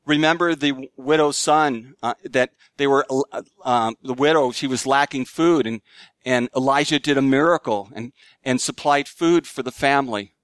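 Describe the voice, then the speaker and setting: A man preaching a sermon in an earnest style, rising to emphatic highs and dropping to hushed lows. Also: normal speed, clean tone, no echo. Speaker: pastor.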